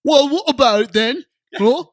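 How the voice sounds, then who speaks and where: A man voicing a rowdy Cockney male villager who hands out a quest, in a loud, jeering, drawn-out put-on accent. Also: very high-pitched, expressive, no echo, studio quality, pitched above the performer's own voice.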